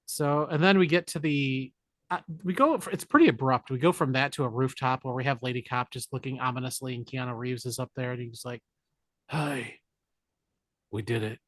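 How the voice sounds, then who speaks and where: Animated man recapping a movie. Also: mid-range voice, fairly quick, no room sound, clean studio sound. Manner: animated, jokey retelling with put-on character lines. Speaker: podcast co-host. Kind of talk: casual movie recap chat.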